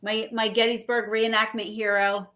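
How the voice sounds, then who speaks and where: Excited, rambling woman telling stories. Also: fairly high pitch, moderate pace. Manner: excited, rambling storyteller acting out quotes. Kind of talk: casual livestream chat.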